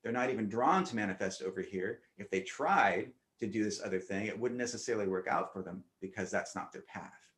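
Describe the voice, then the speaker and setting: A man's voice: lowish voice, brisk, few pauses, fairly bright tone, echoey room. A man on a spiritual round-table panel, earnestly telling a vivid first-person story with frequent restarts.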